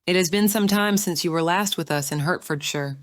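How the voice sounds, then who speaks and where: A woman's voice: lowish voice, fairly quick, no room sound, studio quality, lightly acted. Woman reading a smug, teasing young lady. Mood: friendly. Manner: smug, wry, poised. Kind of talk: audiobook character reading.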